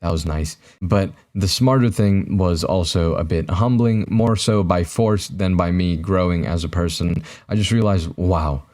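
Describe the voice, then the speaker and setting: Young male podcast host, deep and mellow, self-deprecating ramble to camera. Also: unhurried. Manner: self-mocking, rambling with many fillers and restarts. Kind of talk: solo comedic monologue to camera. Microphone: camera mic, recording himself.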